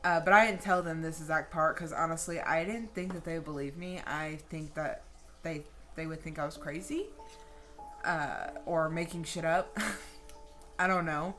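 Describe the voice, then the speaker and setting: Bright-voiced, profane woman telling a story. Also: low voice, moderate pace, faint music behind. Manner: animated, profane, dramatic storyteller. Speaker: vlogger. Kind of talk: casual storytelling.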